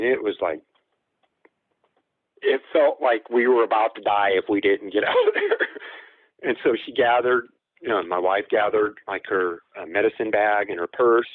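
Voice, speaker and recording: Guy calling in, lowish voice, rambly storyteller, dry close sound. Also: no echo, rough recording. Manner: rambling storyteller with fillers and quoted dialogue. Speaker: guest caller. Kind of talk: telling a personal encounter story.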